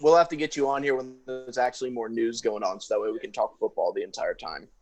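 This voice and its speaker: A man co-hosts a podcast in loose, teasing banter, cracking jokes. His voice is mid-pitched and unremarkable. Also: fairly even intonation, fast talker, darkish tone, faint music behind. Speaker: podcast co-host. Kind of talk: casual podcast chat.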